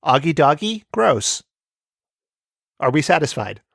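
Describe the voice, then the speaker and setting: A man's voice: fairly high pitch, measured pace, gravelly, dry recording, studio quality. A man hosting a casual podcast, joking around and reading listener mail aloud. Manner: jokey, animated, reads letters aloud. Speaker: podcast host.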